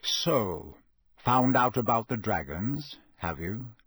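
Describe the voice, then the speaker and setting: A man voicing a gruff, blunt old male wizard in an audiobook reading, growling his lines in a husky voice. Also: medium pitch, very animated, slow, a bit bright, no echo, clean studio sound, exaggerated voice.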